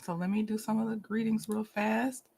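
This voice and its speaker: A woman hosts a casual livestream. Her high voice stays upbeat and chatty as she greets viewers one after another, laughing easily along the way. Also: little pitch movement, moderate pace, gravelly, warm tone, breathy edge. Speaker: livestream host.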